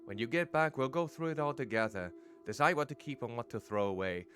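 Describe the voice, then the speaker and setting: A man voicing a tender Irish mother, with a put-on Irish accent, slowly reading her letter to her estranged child in a game. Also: medium pitch, animated, lightly acted.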